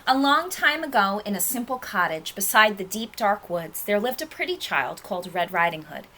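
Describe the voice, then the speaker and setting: A woman teacher reads a storybook aloud to young children in an expressive, sing-song way. Her voice is bright and clear-toned, rising and falling with lively melody. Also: medium pitch, moderate pace, slight background noise, low-quality recording. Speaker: nursery school teacher.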